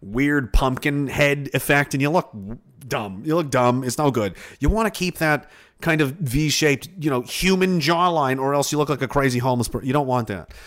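A man's voice: mid-range voice, moderate pace, a bit bright. A man chatting casually as a streamer, rambling and swearing freely while laughing often. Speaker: streamer reading chat. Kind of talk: casual chat.

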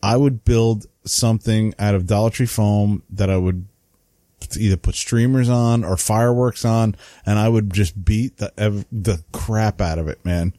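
A man's voice: fairly low pitch, steady tone, unhurried, dark tone, dry recording, studio quality. A man co-hosting a casual hobby podcast, laid-back and chatty, often tossing in "man". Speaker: podcast co-host. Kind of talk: casual chat.

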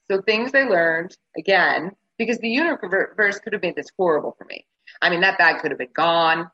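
A woman with a bright, forceful but husky voice recounts a personal story in a relaxed interview, pitched a little low. She is animated and slips into the voices of the people she describes. The recording sounds dull and lo-fi. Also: normal speed. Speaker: guest. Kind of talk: casual conversational storytelling.

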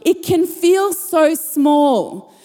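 Woman pastor, high warm voice, passionate sermon, reverberant hall. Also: big pitch swings, drawn-out words. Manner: passionate preaching with rising emphasis. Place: church auditorium.

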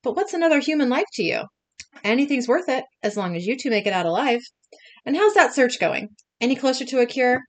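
A woman reading as a bitter, shouting woman. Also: high voice, big pitch swings, brisk, voice pushed up.

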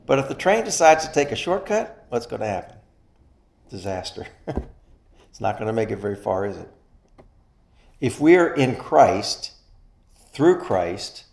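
A man preaching a sermon in an earnest style, stressing key phrases slowly. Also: mid-range voice, darkish tone. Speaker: pastor. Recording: echoey room.

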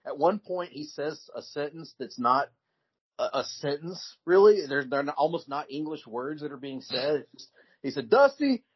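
A man co-hosting a podcast in casual chat, telling stories in a relaxed way with frequent restarts. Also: on the high side, normal speed, breathy edge. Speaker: podcast co-host. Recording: dull lo-fi recording.

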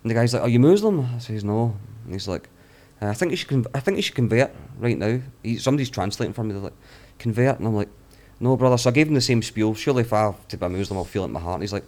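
A man's voice: fairly low pitch, very fast. A young man on a podcast, telling travel stories and acting out the people he met, swearing freely. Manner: animated storyteller, swears freely, acts out quotes. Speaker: travelling guest. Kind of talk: casual podcast storytelling.

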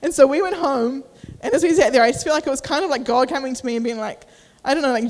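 A woman's voice: high-pitched, fast talker, few pauses, a little mellow, in a large hall. A young adult woman giving a sermon. She tells a personal story casually and with feeling, with many fillers. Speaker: preacher.

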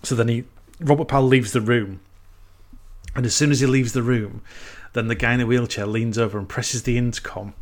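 A man chats casually on a podcast about a film. His voice is mid-pitched and his tone is amused and incredulous as he pokes fun at its clumsy choices. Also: steady tone, brisk. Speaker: podcast co-host.

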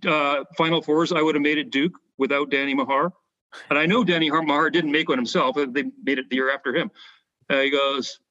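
A man's voice: on the high side, quick pace, muffled recording. A Canadian man, a former basketball player, telling stories as a podcast guest and acting out the voices of the people in them, with plenty of fillers. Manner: animated storyteller, acts out quoted voices, frequent fillers. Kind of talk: casual storytelling interview.

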